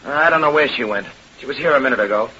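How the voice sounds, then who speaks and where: A brash slangy vaudeville hoofer. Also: male voice, mid-range voice, fast talker, sharp tone, husky. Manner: slangy, blustering, ungrammatical. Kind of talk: 1930s radio acting. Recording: dull, hissy old radio transcription.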